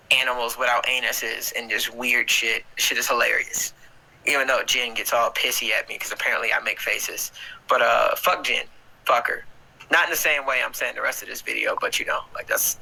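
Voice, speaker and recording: A man with a very bright, sharp-edged voice joking around on a live stream, swearing freely and teasing. His pitch sits in an ordinary middle range. He talks casually, like a regular co-host on a video call. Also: gravelly, rough recording.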